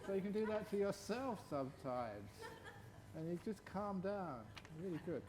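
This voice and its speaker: Playful monk giving a dharma talk. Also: male voice, high voice, lively intonation, darkish tone, a little hiss or hum. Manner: playful, chuckling, drawls words slowly for emphasis. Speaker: Buddhist monk teaching a retreat. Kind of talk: dharma talk with questions and answers.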